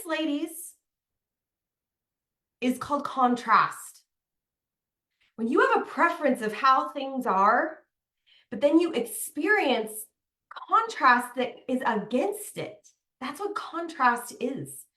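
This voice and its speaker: Candid young mom coaching, echoey room. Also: female voice, high-pitched, sing-song, slow, long pauses, pushed and bright. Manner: candid, emphatic, chatty with many "like"s. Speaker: mom coach, podcast host. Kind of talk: motivational talk to mothers.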